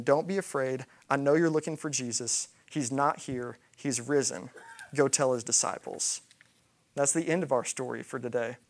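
A man preaching a sermon, retelling a scripture story and acting out the quoted lines. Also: on the high side. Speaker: pastor.

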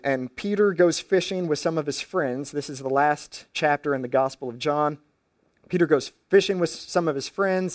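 A man's voice: fairly high pitch, no echo. Casual-speaking male preacher, dry sound. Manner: retells stories in casual everyday phrasing, with frequent restarts. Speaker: pastor. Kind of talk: sermon.

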